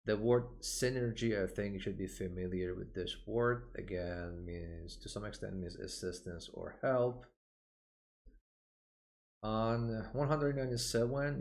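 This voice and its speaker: A man teaching medical English from a textbook. He repeats terms slowly to model their pronunciation and often pauses with "uh" as he points to the page. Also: sits low, a little mellow. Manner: slow, deliberate, models pronunciation by repeating words; frequent "uh" fillers, points at the page. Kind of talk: textbook walkthrough lesson.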